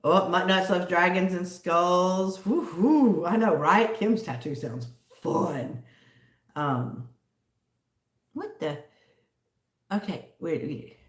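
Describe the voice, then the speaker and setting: A woman's voice: lowish voice, expressive, takes it slowly, long pauses. Rambling woman streamer, roomy echo. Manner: rambling, chatty, answers viewers by name. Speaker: livestream host reading chat. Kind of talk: casual chat. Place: home in a city. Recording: roomy echo, distant from the mic.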